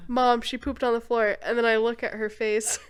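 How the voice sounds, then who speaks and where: A woman's voice: on the high side, flat delivery, moderate pace, clean tone. A young woman hosting a podcast, telling a story in casual chat, laughing often. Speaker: podcast host.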